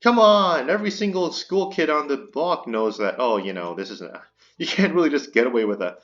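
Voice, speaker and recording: A man's voice: fairly high pitch, sing-song, fairly quick, a bit bright, highs cut off, soft background music. A man delivering an indignant commentary rant, stumbling and repeating words as he vents. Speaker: commentary YouTuber. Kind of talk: ranting commentary.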